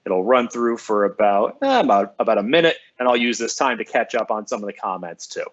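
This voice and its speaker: A man's voice: fairly low pitch, lively intonation, fairly quick. A man working as a school librarian, hosting a live stream for students in a casual, upbeat, chatty way and greeting viewers by name. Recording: slightly dull, lo-fi sound.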